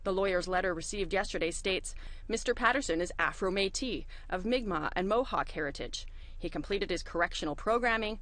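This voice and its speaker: A woman investigative reporter reading scripted news narration in a measured, matter-of-fact way. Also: lowish voice, fairly bright tone.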